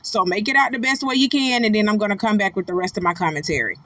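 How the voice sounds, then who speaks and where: A woman's voice: medium pitch, fast, bright, forceful tone, no echo. A middle-aged woman from Florida with a North Florida Southern accent, giving blunt, profane commentary. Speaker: commentary host. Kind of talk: casual commentary.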